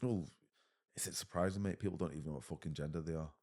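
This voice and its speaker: A man in his thirties with an English accent speaks as a podcast guest, his voice sitting low and his words coming out quickly. He is blunt and swears freely, and he drops "mate" into almost every thought. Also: a little mellow, slightly rough. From England. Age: 30s. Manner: blunt, heavy swearing, says mate often. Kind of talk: casual conversation.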